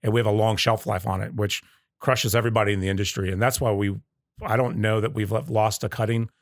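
Guest man from the South, low-pitched storyteller, close and dry. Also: fairly even intonation, quick pace, dry recording. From Southern United States. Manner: storytelling, acts out customer quotes. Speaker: guest, coffee company leader. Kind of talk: casual podcast interview.

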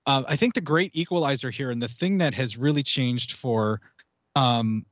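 A man's voice: medium pitch, normal speed, dry recording, highs cut off. An American man in his forties, a podcast guest talking heatedly and swearing in casual chat. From United States. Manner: heated, swearing, rambling rants.

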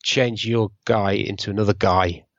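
A man's voice: on the low side, fairly even intonation, normal speed, muffled recording. A man in casual chat, joking and self-mocking as a quiz contestant. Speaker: podcast co-host, quiz contestant.

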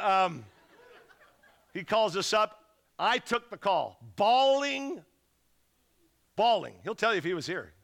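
A man's voice: a little high, vocal fry. A man preaching as a guest pastor in a church, telling stories with energy and acting out the voices of the people who called him. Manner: animated, acts out callers' voices. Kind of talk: energetic fundraising sermon. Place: church sanctuary.

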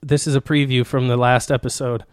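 A man's voice: mid-range voice, little pitch movement, fairly quick, clean tone, dry recording, studio quality. A man casually telling a long rambling story on a podcast, cursing freely and laughing as he goes. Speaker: podcast host.

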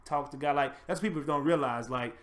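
Excitable man, bright voice. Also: fairly high pitch, fast talker. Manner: animated, profane, storytelling with acted-out quotes. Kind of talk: casual chat.

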